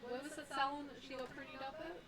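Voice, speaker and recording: A woman's voice: sits high, steady tone, quick pace, recorded from a distance, a loud crowd. A woman in casual tabletop game chat, joking and giggly. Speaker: player.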